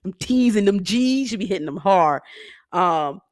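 A woman talking casually and animatedly in a solo monologue, slangy and quick to laugh, with features. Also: medium pitch, animated, dry recording, studio quality.

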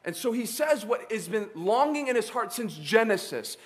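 A man preaching a sermon in an emphatic manner, with dramatic pauses and repetition. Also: high-pitched, big pitch swings.

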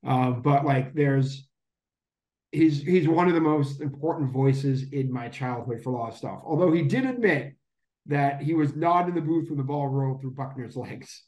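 A man's voice: mid-range voice, moderate pace, darkish tone, roomy sound. A man co-hosting a casual podcast chat, rambling with many fillers and self-corrections. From Boston area. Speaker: podcast co-host.

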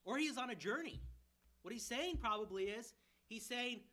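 A man's voice: extremely high pitch, moderate pace. A man preaching a sermon as a pastoral candidate, retelling a scripture story with humor and acted-out quotes. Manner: animated storytelling, voicing characters with humor. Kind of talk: expository sermon.

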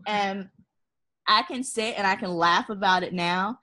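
A woman telling a personal story in a relaxed, chatty way. She is animated and expressive and laughs often between phrases. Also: medium pitch, a little slow. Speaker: guest. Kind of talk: casual conversational storytelling.

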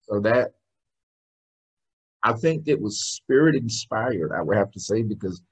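Guest interviewee: middle-aged man, motivational speaker, very raspy voice, fairly low, earnest storyteller. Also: lively intonation, measured pace, pauses often, low-quality recording. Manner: emphatic, earnest storytelling with bursts of laughter.

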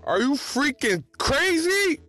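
A man's voice: very high-pitched, very animated, takes it slowly, soft background music, voice pushed up, exaggerated voice. A man voicing a blunt, sassy teenage girl with a sweet tooth in a storybook reading. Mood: teasing. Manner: blunt, teasing, loud.

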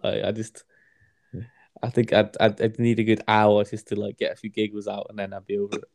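A man's voice: on the low side, completely flat delivery, brisk, gravelly, darkish tone. A man in casual chat, rambling with lots of swearing and stumbling restarts.

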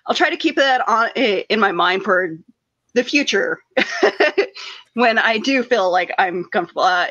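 A woman speaks casually on a podcast, stopping and restarting as she searches for words, with small nervous laughs. Her voice is bright, but the recording is a bit dull and muffled. The sound is dry. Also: lowish voice, no echo. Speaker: podcast co-host. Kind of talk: casual chat.

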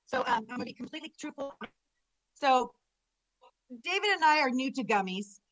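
A woman with a high, bright voice tells a rambling story on a podcast, animated and quick to laugh. Her voice sounds close and dry, with no room around it. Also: no room sound, poor audio. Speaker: podcast co-host. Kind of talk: casual chat.

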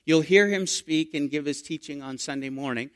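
A middle-aged man, a pastor telling stories in an animated sermon. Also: fairly high pitch, moderate pace, smooth. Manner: storytelling, animated, rising to excited emphasis.

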